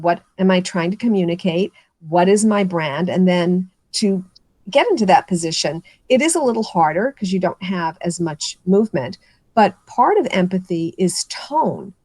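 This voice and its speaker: A woman speech coach speaking as a guest in a video interview, confident and animated when telling stories. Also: fairly low pitch, dry recording. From United States.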